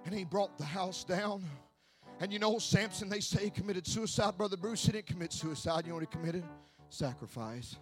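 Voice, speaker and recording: A man preaching a sermon who swings between hushed asides and shouted, sing-song preaching cadence. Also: high-pitched, normal speed. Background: faint music from an accompanist.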